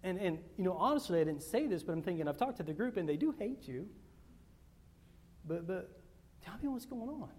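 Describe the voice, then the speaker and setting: Preaching from the pulpit, this man rambles through personal anecdotes in a high, sing-song voice at a fairly quick clip. He pauses often, repeats himself, and shifts from loud to quiet.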